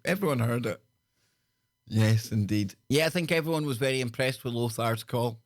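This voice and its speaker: A jokey Scottish man hosting a call-in radio show, his voice dry and close with hardly any room around it. He sits at a middle pitch and keeps a playful, bantering tone as he greets listeners one by one. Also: moderate pace, no echo. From Scotland. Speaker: radio talk show host.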